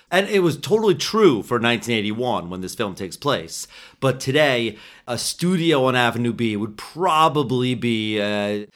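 A man's voice: mid-range voice, fairly bright tone. Chatty male podcast co-host. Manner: chatty, with self-corrections. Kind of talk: casual chat. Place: apartment in New York.

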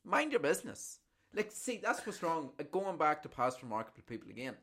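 A man hosting a podcast and telling animated stories, full of swearing. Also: a little high, brisk. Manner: animated, profane storytelling. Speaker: podcast host. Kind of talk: casual chat.

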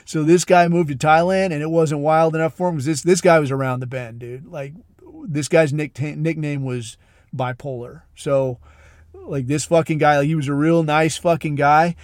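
A man's voice: on the high side, fairly even intonation, moderate pace, darkish tone, no room sound, clean studio sound. A man hosting a podcast, telling a long rambling story in blunt, profane, casual talk full of fillers. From military special operations community. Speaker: podcast host.

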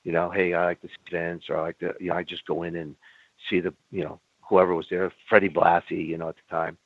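A deep, flatly delivered voice belongs to an older man who used to wrestle professionally, now a guest in an interview. He tells blunt stories with swearing, acting out quick back-and-forth from both sides of old rows. The audio is dry and phone-like with no room sound.

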